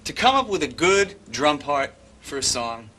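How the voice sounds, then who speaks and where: An older male drum teacher with a bright, forward voice walks through a beat piece by piece. His tone is methodical, and faint room ambience sits behind him. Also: very animated, moderate pace, a little hiss or hum. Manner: methodical, hums bass lines as syllables. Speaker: drum instructor. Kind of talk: instructional explanation with count-ins.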